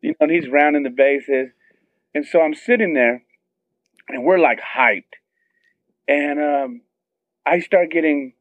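A middle-aged man excitedly telling a long story and acting out what everyone said, heard over a phone line. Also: a little high, a little slow, pauses often, no room sound. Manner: excited, tells it with many quoted voices. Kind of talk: animated storytelling on a phone call. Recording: tinny phone line, dry.

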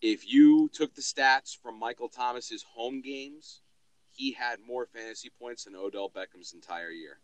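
A man co-hosting a casual sports podcast. He talks in an excitable, emphatic way and swears freely. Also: mid-range voice, a little slow, no echo, rough recording. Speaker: podcast co-host.

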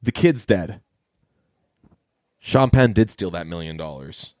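Guy on a podcast telling a movie plot, jumps into higher voices for the characters, dry close sound. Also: slow, dry recording. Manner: animated storytelling, acting out quoted lines in a higher voice. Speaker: podcast co-host. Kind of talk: casual movie recap chat.

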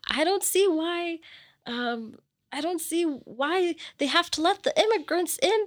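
A woman's voice: very high voice, animated, a little slow, pitched above the performer's own voice. A young woman putting on the voice of an older, chatty, conservative woman neighbor. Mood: prim.

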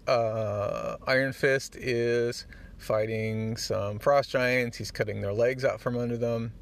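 A man hosting a podcast, retelling a comic book in a casual, animated way and getting choked up at the moving parts. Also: medium pitch, takes it slowly. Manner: animated storyteller, acts out the dialogue; easily moved, gets choked up. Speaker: podcast host.

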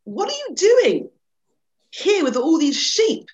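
A woman voicing a fierce old male lion in a read-aloud storybook tale, loud and demanding. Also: high voice, big pitch swings, takes it slowly, dull audio, pitched above the performer's own voice, heavily acted. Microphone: video call.

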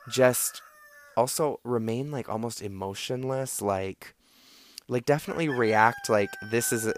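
A podcast host runs a casual solo talk show, handing out advice in a rambling, sarcastic style full of fillers and restarts. His voice is on the low side, and the recording is dry.

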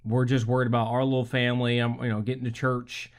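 A pastor delivering a sermon at a middle pitch. His delivery is casual and chatty, full of restarts and rhetorical asides to the listener. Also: level tone, quick pace. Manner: conversational, many rhetorical "right?" asides.

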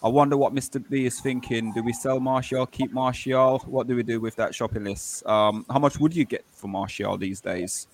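A man hosting a casual football podcast panel over a video call, talking in an upbeat, announcer-like way and slowing down for reminders. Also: mid-range voice, fairly even intonation, a little hiss or hum. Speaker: podcast host. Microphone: video call mic.

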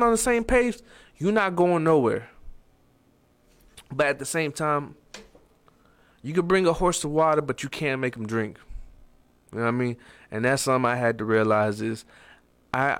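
A man's voice: a little high, clean tone. Blunt man preaching in a raised voice. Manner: blunt and preachy, swearing, with sudden loud emphatic rises. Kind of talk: casual motivational monologue.

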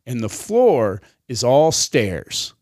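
A man's voice: medium pitch, sing-song, slow, darkish tone, no room sound, clean studio sound. A man co-hosting a podcast, telling a long rambling story in casual chat, swearing constantly and laughing along the way. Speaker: podcast co-host.

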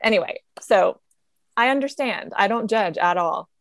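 A woman's voice: medium pitch, lively intonation, moderate pace, no echo. A young mother co-hosting a podcast, telling relatable stories in an earnest, casual way. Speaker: podcast co-host. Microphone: remote call mic.

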